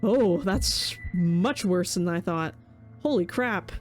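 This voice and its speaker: A woman's voice: fairly low pitch, faint music behind. Woman reading a horror game aloud. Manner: dramatic slow reading broken by startled exclamations. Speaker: VTuber streamer playing a horror visual novel. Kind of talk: reading game text aloud with live reactions.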